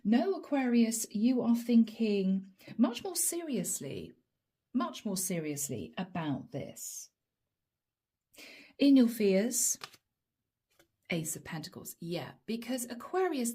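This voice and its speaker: A woman's voice: fairly high pitch, very animated, slow, mellow, slightly rough. A woman giving a chatty tarot reading, speaking straight to her viewers. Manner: chatty, addresses viewers directly as "guys" and "Aqua". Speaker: tarot reader. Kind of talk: channeled tarot reading to camera.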